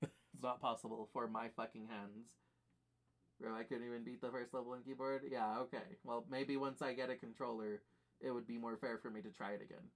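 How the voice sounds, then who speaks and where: A man's voice: mid-range voice, flat delivery, a little fast. Guy streaming and ranting about games, swears a ton, lots of likes and ums. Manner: profane, rambling, exasperated ranting. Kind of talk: casual live-stream chat.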